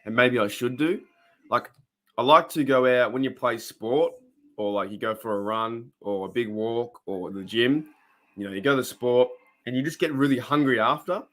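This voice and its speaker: A man's voice: medium pitch, moderate pace, a bit bright. A young Australian man hosting a casual live stream, reacting to a game and chatting with viewers in a loose, rambling way. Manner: chatty, rambling, reads out chat comments.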